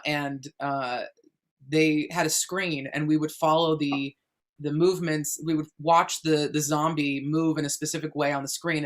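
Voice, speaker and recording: A woman from the United States, a voice actor answering interview questions in a chatty, explanatory way with many fillers and restarts. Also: low voice. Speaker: guest voice actor.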